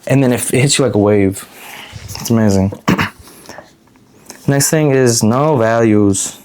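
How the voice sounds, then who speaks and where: A man's voice: mid-range voice, darkish tone. A man giving casual advice in a blunt, profane monologue that rambles and restarts. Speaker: advice vlogger.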